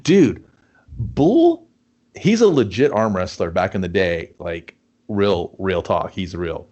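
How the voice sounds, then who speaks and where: A man co-hosting a casual movie review chat, swearing a lot and acting out scenes in gruff put-on voices. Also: deep voice, unhurried, highs cut off. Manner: profane, animated, acts out scenes in gruff voices. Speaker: podcast co-host.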